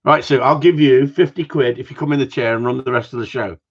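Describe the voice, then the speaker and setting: A man running a live gundog Q&A banters with his audience, teasing them in a loose, joking, rambling manner. He has a mid-range voice and talks at a quick pace, and the stream audio is dull and lo-fi.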